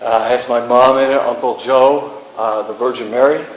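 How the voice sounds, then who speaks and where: A man's voice: medium pitch, fairly even intonation, normal speed, a little hiss or hum. A man poet giving a sing-song reading of rhyming verse at a gallery. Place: art gallery. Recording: roomy, dull gallery recording.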